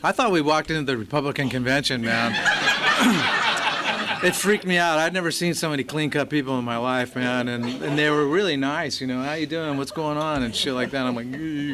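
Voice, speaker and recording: The Los Angeles-area man continues his laid-back personal story before a live recovery-meeting audience, using plenty of fillers and quoted lines, drawing laughter. His voice runs on the high side, with background noise.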